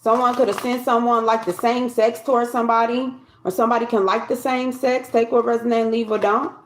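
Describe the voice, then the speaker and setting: A woman talks through a collective tarot reading, her voice sitting a little high. She speaks loosely and conversationally, circling back and restarting her phrases as she goes. The sound carries a noticeable room echo. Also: level tone, a little fast, slight background noise. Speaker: tarot reader.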